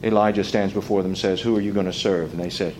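A man preaching an expository sermon, dropping quiet and then rising loud and mocking as he acts out quoted taunts. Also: sits low, fairly even intonation, fast, a little hiss or hum, poor audio.

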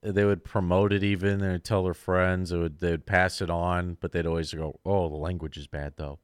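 Podcast co-host, man, low voice, dry close sound, relaxed storyteller. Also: brisk, clean tone, no room sound. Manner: laid-back, loose storytelling with quoted voices. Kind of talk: casual chat.

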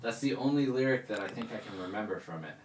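A man's voice: fairly low pitch, animated, fast, a little hiss or hum. A man in casual chat among friends, mumbling and trailing off, laughing at himself.

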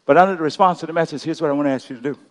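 High-voiced preacher building to shouts. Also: male voice, very fast, in a large hall. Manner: preaches with rising shouts and call-and-response. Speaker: pastor. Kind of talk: sermon.

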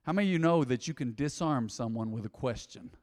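A pastor preaching a sermon, swinging between loud emphasis and hushed asides. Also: male voice, medium pitch, expressive, fast, long reverb tail. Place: church hall.

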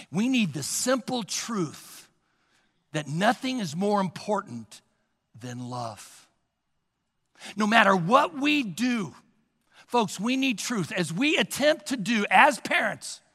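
A man preaches a sermon in a high, bright and gravelly voice, his words ringing through a hall with a long reverb. He speaks slowly, poses rhetorical questions to the congregation and tells a story dramatically, swinging between loud and hushed. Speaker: pastor.

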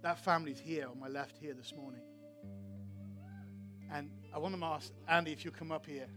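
A man preaching in a church, telling a personal story with animated swings between loud excitement and hushed tones. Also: on the high side, normal speed, music in the background. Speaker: pastor. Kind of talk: sermon storytelling.

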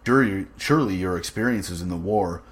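A man voicing a suave, cruel aristocratic general with smooth, mocking menace. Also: deep voice, brisk, natural voice.

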